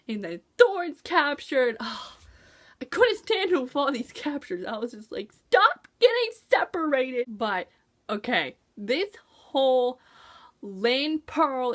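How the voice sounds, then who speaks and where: High, bouncy gushing woman reviewer. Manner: gushing, excitable, acts out her own reactions. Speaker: book reviewer. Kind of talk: casual chat.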